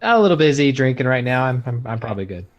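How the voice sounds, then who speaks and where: A man's voice: medium pitch, sing-song, fast. A laid-back man at a tabletop game, describing his character's actions casually. The sound is somewhat dull and lo-fi. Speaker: player.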